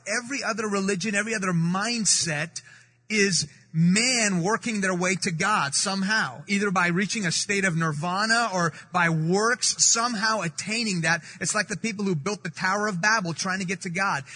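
A man from the Middle East preaching a sermon to a congregation. He speaks emphatically, repeats key phrases and slows down to read scripture. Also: high-pitched, bright, forceful tone, slightly rough. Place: church sanctuary. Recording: reverberant hall.

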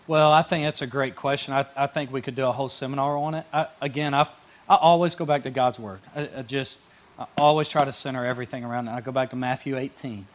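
A man, a youth pastor giving a conversational teaching talk to small group leaders, animated and folksy, blunt and confrontational, with frequent restarts. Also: mid-range voice, quick pace, slight background noise.

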